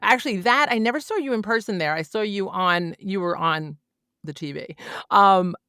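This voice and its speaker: A woman's voice: medium pitch, normal speed, clear, resonant tone, no room sound, studio quality. Laughing, gushing female podcast host. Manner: warm, gushing, laughs often. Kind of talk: upbeat podcast interview.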